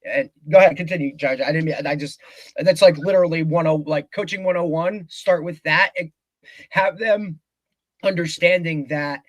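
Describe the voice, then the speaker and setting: A man's voice: on the high side, normal speed, no room sound, highs cut off. A man who coaches athletes, co-hosting a podcast and talking eagerly in long run-on stretches. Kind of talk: casual podcast conversation.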